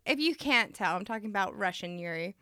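A woman's voice: mid-range voice, expressive, a little fast, sharp tone, no room sound, studio quality. A woman co-hosting a podcast, recapping an episode in casual chat. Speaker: podcast co-host.

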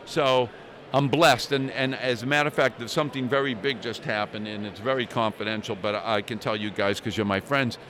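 A man's voice: medium pitch, fairly even intonation, brisk, fairly bright tone. Man in his sixties telling stories. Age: 60s. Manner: chatty, anecdotal, swears casually. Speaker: small business owner. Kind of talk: casual storytelling chat. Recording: outdoor crowd chatter behind.

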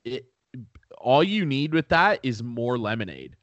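A young man co-hosts a podcast, chatting casually with plenty of "like" and "dude" and a bit of swearing. His medium-pitched voice is sing-song, unhurried and a little bright, though the recording sounds muffled.

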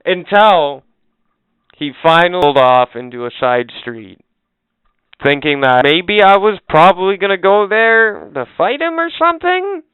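A man's voice: high-pitched, animated, unhurried, fairly bright tone, clear, resonant tone, no room sound. A man co-hosting a casual podcast, telling a rambling, swearing anecdote in a laid-back way. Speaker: podcast co-host. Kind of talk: casual podcast chat, storytelling. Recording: dry, phone-like narrow sound.

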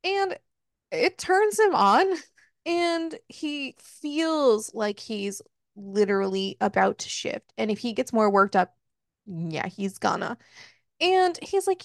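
A woman's voice: a little high, lively intonation, unhurried, no room sound, studio quality. A woman hosting a book club podcast, casually retelling a story with swearing and jokes. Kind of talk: casual book recap chat.

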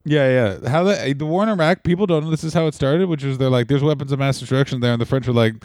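A man's voice: fairly high pitch, fast talker, darkish tone, no echo. A man co-hosting a comedy podcast, spinning sardonic, profane comic rants in casual chat. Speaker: podcast co-host.

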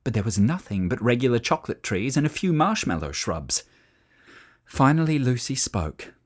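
A storyteller reading a children's story aloud in an expressive, animated way. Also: medium pitch, moderate pace.

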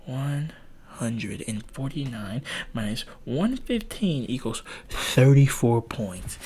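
A man's voice: mid-range voice, unhurried. Rambling, crude young man on a podcast. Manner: crude, animated, rambling and self-deprecating. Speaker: podcast host. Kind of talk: solo podcast rant. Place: home with a loud family nearby.

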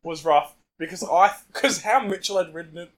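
A man's voice: high voice, normal speed. A man with an Australian accent, co-hosting a podcast in casual chat, telling rambling stories and restarting his sentences. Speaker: podcast co-host. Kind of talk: casual banter among friends.

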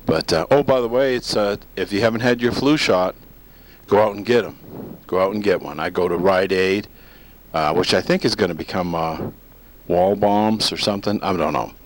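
A man's voice: low voice, normal speed, poor audio. A middle-aged man hosting a casual solo talk show, rambling and joking in a chatty way. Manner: rambling, jokey, breaks into silly voices. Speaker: host.

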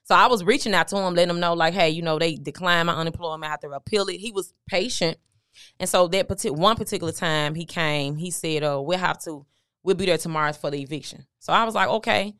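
Guest, woman, middle-aged, low and smooth voice, dry close sound, conversational storytelling. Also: fast, a bit bright, no room sound. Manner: conversational, recounting with quoted dialogue. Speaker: guest, motivational speaker. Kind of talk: candid storytelling interview.

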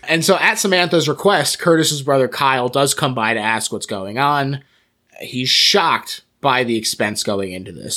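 A man's voice: mid-range voice, animated, normal speed, pushed and bright. Podcast co-host, man, casual plot recap with playful quoted lines. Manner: recaps plot, acts out quotes with mock voices.

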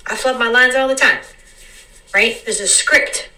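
Woman, bright tone, musing freely and repeating herself, sounds a little off-mic. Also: fairly high pitch, far from the mic, rough recording. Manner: meandering, repeats phrases, slows down to stress words. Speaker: vlogger. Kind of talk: unscripted reflective monologue.

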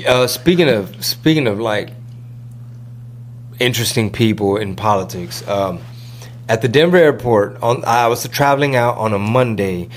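Man, podcast host, casual chat, slangy, rambling, quick mocking impressions. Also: lowish voice, lively intonation, a little hiss or hum. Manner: rambling, slangy, mimics people in quick asides.

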